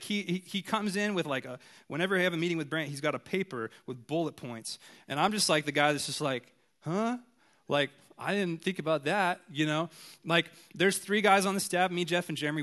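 A pastor, a man, preaching a sermon in a casual, animated, conversational way. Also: fairly high pitch.

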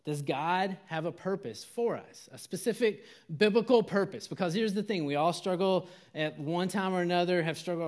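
Man, casual sermon, slightly higher voice, loose and conversational. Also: moderate pace, few pauses, darkish tone. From Georgia, US. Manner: conversational, many fillers and restarts.

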